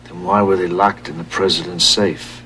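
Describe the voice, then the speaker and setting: A man's voice: low voice, steady tone, moderate pace, pushed and bright. An actor playing a male police captain who speaks in a dry, matter-of-fact way. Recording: noisy TV soundtrack with studio audience laughter.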